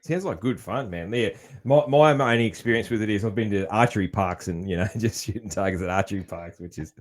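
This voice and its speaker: A relaxed Australian man hosts a casual interview, drifting through stories at an easy pace. His voice sits on the low side. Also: a little fast. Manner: laid-back, rambling storyteller. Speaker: podcast host.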